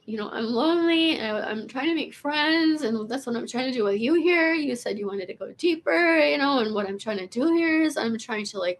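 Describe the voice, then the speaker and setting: Gravelly, high-voiced woman rambling profanely. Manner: rambling, profane storytelling full of restarts. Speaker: vlogger. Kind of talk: casual confessional storytelling.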